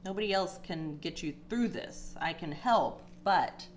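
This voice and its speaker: Woman reading tarot cards, unhurried, fairly low voice, chatty and emotional, faint background hiss. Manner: emotional, gets teary and pitch rises; chatty with many fillers. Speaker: tarot reader. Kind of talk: casual spiritual tarot reading.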